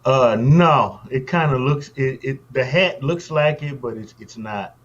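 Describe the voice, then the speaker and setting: Man, unhurried co-host, hesitant delivery, lo-fi dull audio. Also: medium pitch. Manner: hesitant, halting, lots of fillers. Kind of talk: casual chat.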